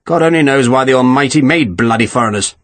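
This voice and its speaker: A man's voice: mid-range voice, fast, lightly acted. A man voicing a foul-mouthed, irate older general who barks scornful orders in an audiobook. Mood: angry scornful. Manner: scornful, swearing, barking.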